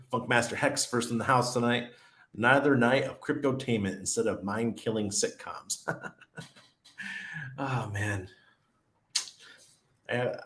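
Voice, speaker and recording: A middle-aged man hosting a casual crypto live stream, chatty and laid-back, often laughing as he reads the chat aloud. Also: mid-range voice. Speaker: crypto livestream host.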